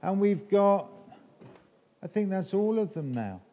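Playful English preacher quizzing children. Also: male voice, high-pitched, expressive, unhurried, warm tone. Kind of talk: all-age sermon with children.

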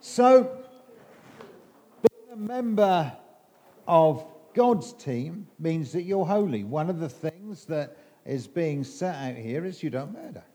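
A man's voice: on the high side, animated, slow, mellow. A middle-aged English man preaching an all-age sermon, quizzing children in a playful, teasing way.

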